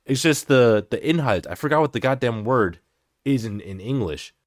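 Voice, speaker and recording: Animated German-native man ranting. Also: mid-range voice, normal speed. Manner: animated, exasperated and mocking. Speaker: music reaction host. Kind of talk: casual reaction commentary.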